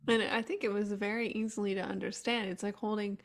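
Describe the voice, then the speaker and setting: Woman host with a gravelly voice. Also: mid-range voice, level tone. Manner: halting, searching for words with restarts. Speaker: podcast host. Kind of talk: conversational podcast interview.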